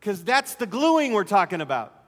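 Middle-aged male pastor, high voice, emphatic sermon delivery, long church-hall reverb. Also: sing-song, normal speed. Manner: emphatic preaching, repeats key phrases, drops to soft asides.

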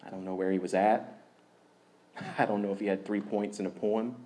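A man preaching a sermon as a story, animated, going from loud outbursts to hushed tones. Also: fairly low pitch, moderate pace, a little hiss or hum. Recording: echoey room.

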